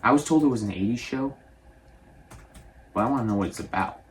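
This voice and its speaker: A young man casually recapping a movie, rambling and offhand, slipping into quick character voices. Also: mid-range voice, a little hiss or hum. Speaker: movie reviewer.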